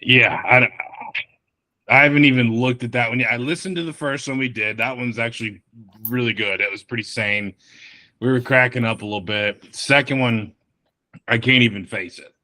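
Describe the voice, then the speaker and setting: A man's voice: medium pitch, moderate pace, bright, forceful tone. A man hosting a casual podcast chat, telling rambling stories and laughing often. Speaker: podcast host. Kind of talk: casual chat over beers.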